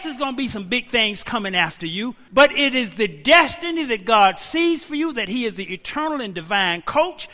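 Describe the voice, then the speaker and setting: Bright-voiced man in his sixties preaching. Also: very high-pitched, big-room sound, muffled recording. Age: 60s. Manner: storytelling preacher, shouting quoted lines. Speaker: pastor. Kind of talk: sermon.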